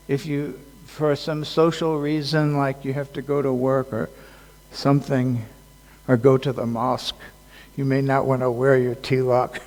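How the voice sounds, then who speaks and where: A man giving a casual devotional talk at a festival, halting and joking, with many fillers. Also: medium pitch, a little mellow. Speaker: speaker at a temple festival. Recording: long hall reverb.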